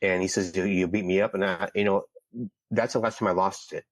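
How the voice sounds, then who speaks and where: A man's voice: low voice, steady tone, fairly quick, dry recording. A man from California, a podcast guest, telling a personal story casually, stumbling and repeating words. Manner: repeats words, heated when retelling.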